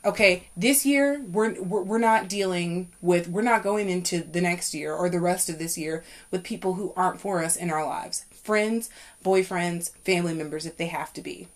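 A young adult woman hosts a faith-based podcast at a moderate pace, speaking emphatically and preachily. When she gets fired up, her voice climbs high and loud.

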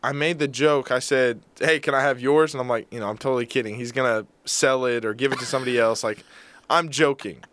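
A young man, a podcast co-host, telling a story in casual chat; animated, acting out quotes and mocking himself. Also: mid-range voice, a little fast, slight background noise.

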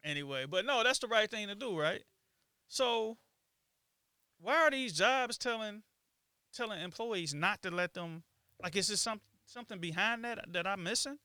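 A man co-hosting a podcast, speaking in casual chat with a reflective, halting manner full of ums and restarts. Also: sits high, lively intonation, bright, forceful tone, smooth, no echo, studio quality. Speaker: podcast co-host.

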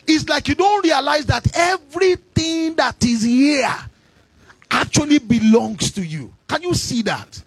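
A man preaching a sermon, shouting in a sing-song cadence and calling on the congregation to respond. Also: very high-pitched, expressive, measured pace, dry recording.

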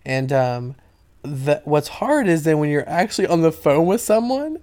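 Smooth-voiced man explaining casually. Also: fairly high pitch, big pitch swings, moderate pace, a little mellow. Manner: hesitant, many fillers, explanatory. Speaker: podcast co-host in medicine. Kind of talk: casual chat.

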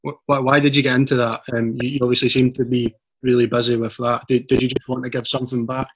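A male interviewer in a casual conversation. He speaks at a mid pitch in a very flat, even tone. He pauses and restarts as he works his way through each question. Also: husky, rough recording.

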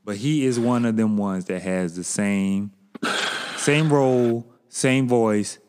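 A man co-hosting a podcast, chatting casually with animated, laughing emphasis. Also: on the low side, takes it slowly, smooth. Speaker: podcast co-host. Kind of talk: casual chat.

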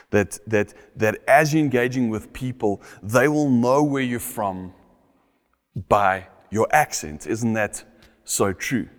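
Slow, deep-voiced preacher. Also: male voice, big-room sound. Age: middle-aged. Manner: earnest, emphatic repetition of key phrases. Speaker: pastor. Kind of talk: sermon.

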